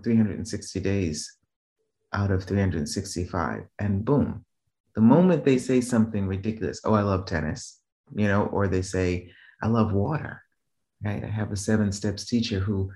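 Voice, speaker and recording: Rambling low-voiced man telling stories. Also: normal speed, warm tone. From Boston area, US. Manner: rambling, frequent "right?" check-ins and restarts; acts out quoted voices in a raised pitch. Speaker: guest, business trainer. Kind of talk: casual conversational storytelling.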